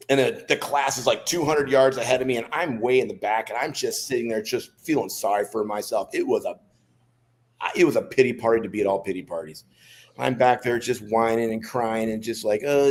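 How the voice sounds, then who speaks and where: A man's voice: medium pitch, a little fast, a little hiss or hum. A middle-aged American man talks through an old memory on a podcast. He rambles at an easy pace, restarting his sentences as he goes. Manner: relaxed, rambling storyteller with restarts. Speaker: guest, former Navy SEAL. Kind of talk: storytelling in a podcast interview.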